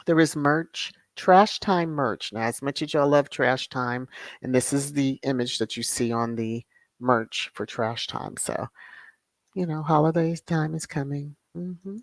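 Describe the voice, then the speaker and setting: Livestream host, unhurried drawl, gravelly fry, chatty, dry close sound. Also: mid-range voice, no echo. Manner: chatty, greets viewers by name, laughs often; drawn-out, unhurried delivery with frequent fillers. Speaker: channel host. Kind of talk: casual livestream chat, reading viewer comments.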